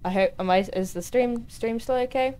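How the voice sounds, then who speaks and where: A woman with a dark, clear, resonant tone speaks at normal speed. She streams a game and chats casually with viewers and teammates, talking to chat, her voice jumping high when she gets touched.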